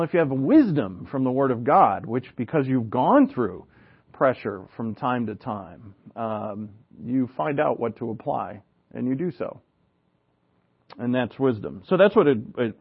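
A man delivers a sermon in an earnest, conversational manner, tossing in asides and rhetorical questions. His voice sits at a middling pitch for a man. The recording is slightly muffled and lo-fi. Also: breathy edge. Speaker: pastor.

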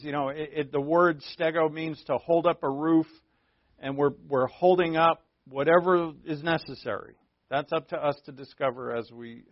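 A man teaching a Bible class in a conversational way, stressing points by repeating them and often pausing on fillers. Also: fairly high pitch, no echo. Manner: conversational, repetitive emphasis, frequent fillers. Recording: dull, dry, lo-fi recording.

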